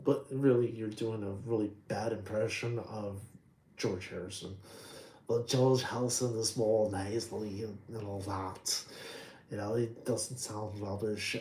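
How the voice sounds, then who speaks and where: A man talking casually about his drawings, halting with many ums and restarts and trailing off quietly. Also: on the low side, fairly even intonation, roomy sound, low-quality recording. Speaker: artist showing his drawings. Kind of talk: rambling casual talk.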